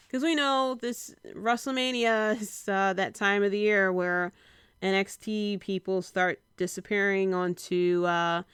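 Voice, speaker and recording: Female podcast host, casual solo recap; very smooth, resonant tone, close and dry, rambling with many "um"s. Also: medium pitch, fairly bright tone, no echo. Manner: rambling, with frequent filler pauses.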